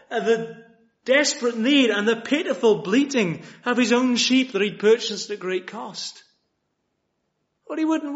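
High-voiced man preaching earnestly. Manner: earnest, swings from loud appeals to hushed quiet. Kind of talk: sermon. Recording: dull lo-fi recording.

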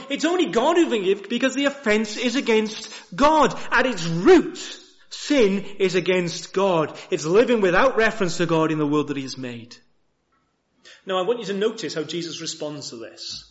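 A man preaching a sermon in a chapel, with lively rhetorical questions and frequent restarts. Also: sits high, moderate pace, lo-fi sound. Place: church chapel.

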